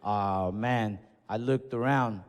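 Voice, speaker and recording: On a comedy club stage, a young male comedian with a lowish voice speaks slowly. He spins a long, laid-back, profane story, with the room adding long reverb and faint noise.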